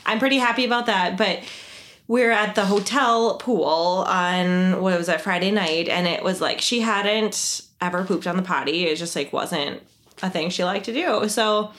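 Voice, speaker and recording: A woman in her thirties co-hosting a casual podcast, telling animated stories and laughing often. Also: mid-range voice, normal speed. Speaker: podcast co-host. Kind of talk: casual chat.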